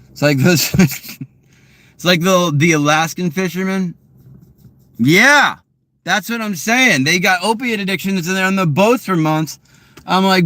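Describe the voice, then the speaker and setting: A man's voice: high-pitched, a little slow, long pauses, pushed and bright, no echo. Crude, rambling guy. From Massachusetts. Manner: crude, rambling, laughing, swearing. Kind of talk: casual chat to viewers.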